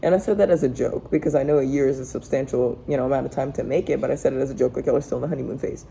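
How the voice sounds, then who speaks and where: Young adult female vlogger: creaky, mellow voice, chatty storytime delivery from her home kitchen. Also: rumbling low, very fast, a little hiss or hum, poor audio. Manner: chatty, rambling, filler-heavy. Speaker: family vlogger. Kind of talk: casual storytime chat. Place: home kitchen while cooking.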